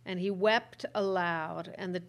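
Woman reading scripture aloud, measured. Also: fairly low pitch, steady tone. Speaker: scripture reader.

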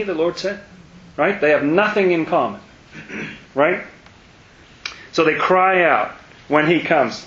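A man leading a casual Bible study, animated and exclamatory, his voice jumping up when excited. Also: fairly high pitch, slow pace, long pauses. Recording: dull, roomy, faint hiss.

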